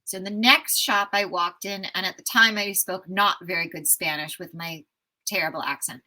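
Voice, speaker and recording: A woman's voice: lowish voice, normal speed, rough recording. An enthusiastic American woman in her fifties, a travel writer telling stories as an interview guest. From United States. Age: 50s. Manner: enthusiastic, animated storyteller. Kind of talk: casual storytelling interview.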